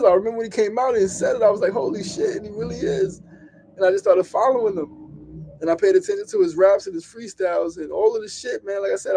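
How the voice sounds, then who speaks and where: A man's voice: on the high side, gravelly, mellow. A man hosting a podcast, giving an impassioned solo monologue, swearing and repeating phrases. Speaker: podcast host.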